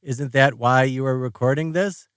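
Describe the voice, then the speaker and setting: Polite formal male AI, read by a man, literal-minded, lowish voice, dry close sound, audiobook. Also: normal speed, fairly bright tone, clear, resonant tone, no room sound, lightly acted. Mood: calm questioning. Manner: formal, polite, literal phrasing without contractions.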